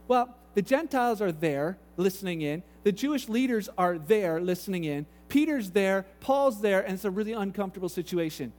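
A man preaching in a church sanctuary, his voice sitting very high for a man. He tells stories lively, acting out each conversation. The sound carries a long hall reverb. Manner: animated, acts out conversations, gets loud and excited. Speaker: pastor. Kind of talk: sermon with storytelling.

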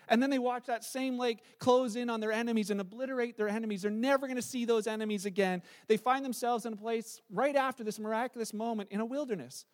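High-voiced man preaching with lively storytelling. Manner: animated storytelling, acts out quoted voices. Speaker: pastor. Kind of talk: sermon.

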